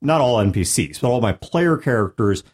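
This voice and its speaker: A middle-aged man hosts in loose, rambling chat, telling gaming stories with a self-mocking streak. His voice sits at an ordinary middle pitch for a man, neither high nor deep. He wanders through asides at an easy pace. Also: very animated, normal speed, a little mellow, slightly rough. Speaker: podcast host and game master. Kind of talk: casual chat.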